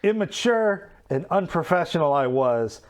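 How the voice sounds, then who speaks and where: A man's voice: fairly high pitch, animated, moderate pace. A man giving casual commentary on old wrestling footage, candid and self-critical, swearing freely. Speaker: show host.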